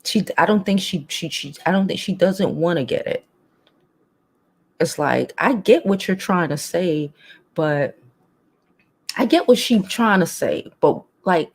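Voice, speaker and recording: A woman's voice: low-pitched, expressive, unhurried. Blunt chatty woman on a livestream. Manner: chatty, blunt, laughs often, swears freely. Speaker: host. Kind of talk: casual livestream chat.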